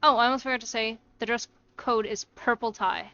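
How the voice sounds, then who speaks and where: A woman's voice: fairly high pitch, fairly even intonation, fairly quick, fairly bright tone, clear, resonant tone, no room sound, highs cut off. A woman reading as a flustered young bride. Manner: flustered, chatty. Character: nervous young bride-to-be planning a DIY wedding. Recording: faint music behind.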